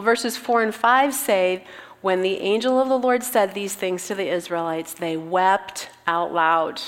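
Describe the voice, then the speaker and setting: A woman teaches scripture with earnest, reflective warmth. Her voice sits in a middle range and carries a long reverb, as in a large hall. She moves between reading passages aloud and explaining them. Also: medium pitch. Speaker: Bible teacher. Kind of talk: sermon.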